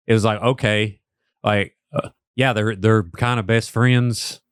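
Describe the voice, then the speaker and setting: A man with an Appalachian accent co-hosts in a somewhat low voice, recorded dry and close. He talks in a loose, chatty way, full of fillers and emotional asides. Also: little pitch movement, a little slow, clean tone, no room sound. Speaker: podcast co-host. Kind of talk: casual podcast conversation.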